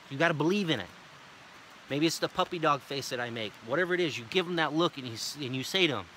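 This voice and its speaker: A middle-aged man giving a sales training talk, emphatic and repetitive as he coaches his team and acts out pitch lines. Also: pushed and bright, a little hiss or hum.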